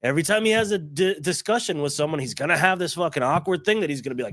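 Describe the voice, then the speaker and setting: A man's voice: on the high side, racing, a bit bright, no echo. A man co-hosting a podcast who complains bluntly and with some exasperation, swearing freely. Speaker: podcast co-host. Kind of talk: casual chat.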